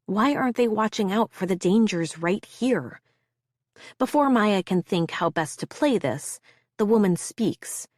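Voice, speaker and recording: Woman, audiobook narrator, lowish voice, measured suspenseful reading, dry close studio sound. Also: a little mellow, no echo.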